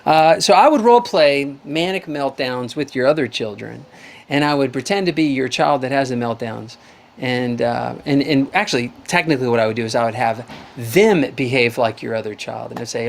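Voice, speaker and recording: A man's voice: mid-range voice, moderate pace, vocal fry, a little hiss or hum. A middle-aged man hosting a live advice call-in show over a video call, earnest and rambling, often restarting his sentences.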